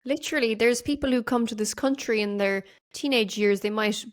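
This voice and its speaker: A woman's voice: fairly high pitch, fairly quick. Woman hosting a podcast. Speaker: podcast host. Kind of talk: interview questions.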